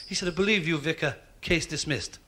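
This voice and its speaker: Liverpool comedian telling jokes on stage. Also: male voice, on the high side, bright, forceful tone. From Liverpool, England. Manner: brisk joke telling, voices stuttering characters. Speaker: stand-up comedian. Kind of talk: stand-up joke telling. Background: audience laughter.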